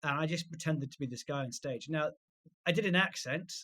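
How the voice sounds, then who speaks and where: A man co-hosting a comedy podcast, telling stories quickly in casual chat and laughing often. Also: on the high side, pushed and bright. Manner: quick anecdotal storytelling with frequent laughs.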